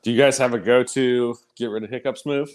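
A man's voice: medium pitch, fairly even intonation, a little fast, a little hiss or hum. A man co-hosting a casual podcast, laid-back and full of "like" and "kinda". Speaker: podcast co-host.

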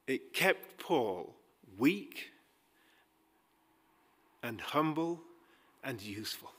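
A man preaching a sermon, emphatic, rising to loud pleading passages and dropping quiet again. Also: medium pitch, very animated, very slow, husky. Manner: acts out quoted dialogue with dry humor.

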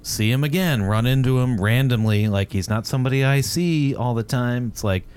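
A man's voice: medium pitch, normal speed, darkish tone, clear, resonant tone. A man in his thirties co-hosting a casual podcast chat, telling stories with jokes and swearing. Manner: profane, joking storyteller. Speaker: podcast co-host.

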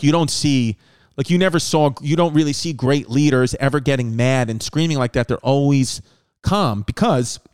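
This podcast host runs a comedy show, and his smooth, medium-pitched voice rambles along casually. His talk is loaded with fillers and swearing.

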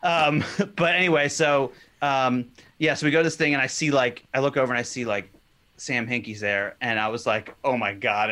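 A man talks on a podcast in a loose, rambling way, circling back and restarting with plenty of fillers. His voice has a bright, sharp edge, sitting at a middling pitch. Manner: rambling storytelling with many fillers. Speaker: podcast co-host. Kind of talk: casual chat.

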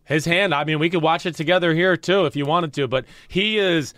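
A man's voice: a little high, fast talker, few pauses, dry recording. Man breaking down game film, dry studio sound. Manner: explains plays at length, acts out players' shouts. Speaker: football analyst, co-host. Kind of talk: casual film breakdown chat.

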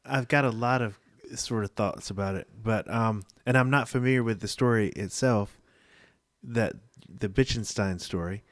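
Low-pitched male co-host, measured and hesitant, dry close recording. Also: dry recording. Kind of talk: casual chat.

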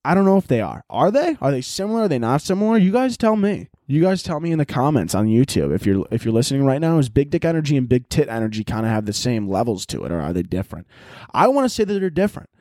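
A man hosting a solo podcast in casual chat, profane and rambling, mocking himself and jumping into loud, overdone voices to act out scenes. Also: a little high, sing-song, fast talker, dry recording, studio quality. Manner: jumps to loud exaggerated voices when acting out scenes. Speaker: podcast host.

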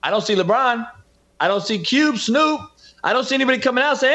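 Speaking briskly with an extremely high pitch, lively intonation and a bright, forceful tone, this middle-aged man is a football coach and podcaster appearing as an interview guest. He's impassioned and emphatic, frequently naming the host, over dull lo-fi audio.

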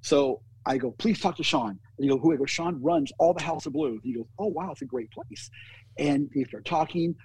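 A man, a music booking agent, telling an animated story in an interview and acting out what people said. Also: fairly high pitch, normal speed, slightly rough, no room sound, rough recording. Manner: animated anecdote teller, acts out quotes.

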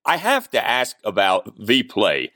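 Man, sports podcast host, lowish voice, dry close sound, wry and emphatic. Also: huge pitch swings, measured pace, bright, forceful tone, no echo. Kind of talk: casual sports chat.

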